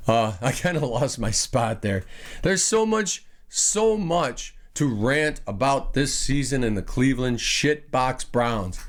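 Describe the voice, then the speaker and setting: A man's voice: medium pitch, fairly bright tone. A man hosting a fan podcast, delivering an angry, profane, rambling sports rant.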